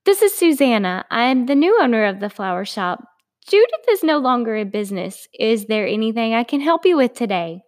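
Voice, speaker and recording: A woman voicing a young florist heroine who speaks with bright eagerness, in a storybook podcast reading. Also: on the high side, very animated, fairly quick. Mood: eager. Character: young woman florist, eager and hopeful, fed up with a bad boyfriend.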